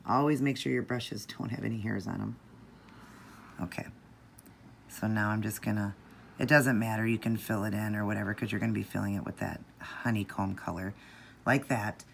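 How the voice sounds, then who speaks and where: A woman calmly talking viewers through a nail art tutorial step by step, in a patient, instructive way. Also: creaky, a little hiss or hum. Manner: patient, instructive, low-key.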